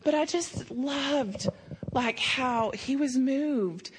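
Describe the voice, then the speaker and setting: A woman's voice: high voice, drawn-out words, breathy edge. A woman sharing a church mission trip testimony in a casual, emotional way, with lots of fillers. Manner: emotional, filler-heavy storytelling.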